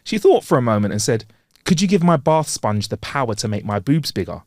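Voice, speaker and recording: A man's voice: medium pitch, sing-song, fairly quick, dry recording, studio quality. A man co-hosting a comedy podcast, casually chatting and reading out jokes in a playful, giggly way. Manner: playful, giggly, voices joke characters. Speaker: podcast co-host.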